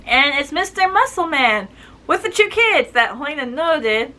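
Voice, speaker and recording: A woman reviewing a book, casually retelling the plot and acting out the characters' lines with quick voice shifts. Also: high-pitched, lively intonation, pushed and bright. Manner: chatty, acts out quoted lines with quick voice shifts.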